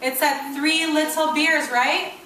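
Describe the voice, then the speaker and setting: A woman's voice: high voice, steady tone, slow pace, crowd noise. A woman teaching a class of young children, reading a story aloud and prompting them with questions. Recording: echoey classroom from far off, noisy.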